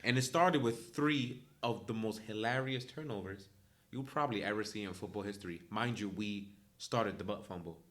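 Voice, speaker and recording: A man's voice: lowish voice, moderate pace, fairly bright tone. A young man co-hosting a sports podcast, blunt and joking, swearing casually as he breaks down a game. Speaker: podcast co-host.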